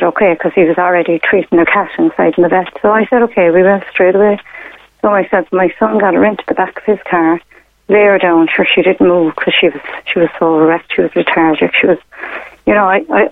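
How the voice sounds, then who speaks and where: A woman's voice: lowish voice, fairly even intonation, fairly quick, vocal fry, a little hiss or hum. A middle-aged woman, calling in to a radio show and telling a personal story in a hesitant, rambling way full of fillers. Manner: rambling, hesitant, many fillers and retold quotes. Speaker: caller. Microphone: telephone. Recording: tinny phone line.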